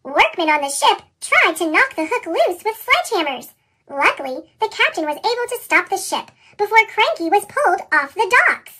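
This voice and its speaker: A woman reading a children's picture book aloud, her voice pitched up into a chipmunk sound, with lively, expressive storytelling. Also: moderate pace. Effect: chipmunk pitch-shifted voice. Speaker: storybook reader. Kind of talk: children's read-aloud narration.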